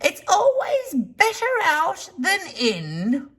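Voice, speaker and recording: A woman voicing a kindly old lady, drawing her words out slowly in a high sing-song. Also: wildly swooping pitch, fairly bright tone, exaggerated voice. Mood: cheerful. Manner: drawn-out, sing-song and slow.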